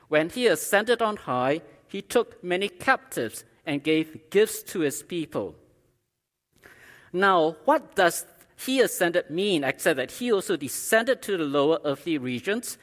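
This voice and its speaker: A man's voice: high-pitched, a bit bright, long reverb tail. A man preaching a sermon as pastor, emphatic, repeating key lines for stress.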